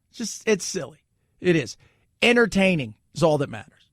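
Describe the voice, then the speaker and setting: A man's voice: sits high, very animated, normal speed, no room sound, studio quality. A man hosting a talk radio show, chatty and opinionated, joking as he goes.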